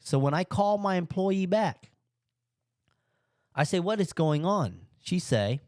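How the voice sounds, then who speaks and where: A man hosting a podcast, casually telling a personal story and acting out his own thoughts with sudden jumps in pitch. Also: expressive, takes it slowly, darkish tone, dry recording, clean studio sound. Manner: plain, conversational English with loose grammar. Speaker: podcast host. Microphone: podcast microphone.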